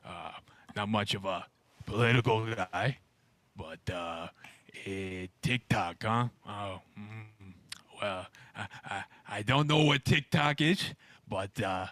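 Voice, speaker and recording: A man impersonating a goofy, mumbling man-child comedian with a low slurred voice, sometimes breaking into silly squeaky song. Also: fairly bright tone, no room sound.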